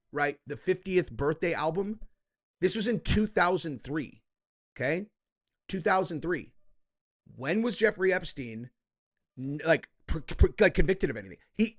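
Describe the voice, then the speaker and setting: A man hosting heated political commentary, profane and combative, who keeps tagging his points with "okay?" and "dude.". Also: on the high side.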